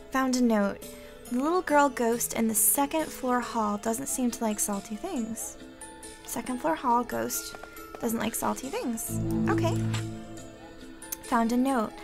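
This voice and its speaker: Brief: woman game host, high and bright, jumpy and squealy, game music underneath. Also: a little slow, creaky, pauses often. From United States. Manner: excitable, squeals and gasps, reads game text aloud. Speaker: gaming video host. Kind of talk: let's play commentary.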